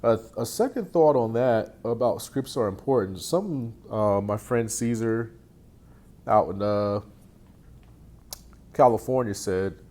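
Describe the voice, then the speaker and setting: Low-voiced man giving casual sales advice. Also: lively intonation, unhurried, long pauses, a little mellow. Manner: conversational, repeats phrases and restarts often. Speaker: real estate coach. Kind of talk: casual teaching talk.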